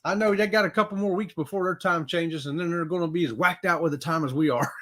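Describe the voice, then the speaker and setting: High-voiced whooping host. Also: male voice, moderate pace, fairly bright tone. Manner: upbeat, whooping, chatty. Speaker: livestream host. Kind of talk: casual livestream chat, greeting viewers. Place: home office.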